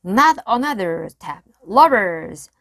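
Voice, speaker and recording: A woman reading a storybook aloud and voicing a greedy, gruff male pirate captain who roars and growls threats. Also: fairly low pitch, big pitch swings, takes it slowly, fairly bright tone, exaggerated voice. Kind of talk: read-aloud storybook voices.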